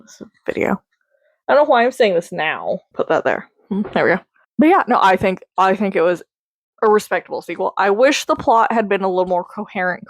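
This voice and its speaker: A young woman rambling casually through a movie review, chatty and excitable, laughing often. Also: medium pitch, gravelly, dry recording.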